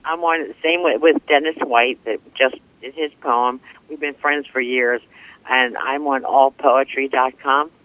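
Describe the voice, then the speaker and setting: A man's voice: mid-range voice, steady tone, measured pace, no echo. Male phone caller, hesitant and rambling, thin tinny line, dry sound. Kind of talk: phone call-in chat. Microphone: telephone.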